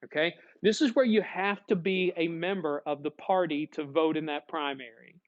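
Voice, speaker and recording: A man teaching a classroom lecture, lively, acting out short dialogues as he explains. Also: on the high side, moderate pace, phone-quality sound. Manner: animated, acts out little dialogues.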